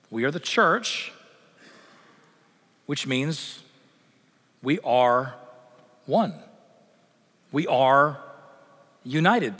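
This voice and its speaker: A man preaching a sermon as pastor, telling a joke with lively voices before turning earnest. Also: high-pitched, big-room sound.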